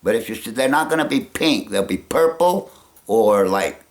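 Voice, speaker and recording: A man with a gravelly voice talking in a rambling casual monologue, chuckling often and trailing off. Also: medium pitch, expressive, normal speed. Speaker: vlogger.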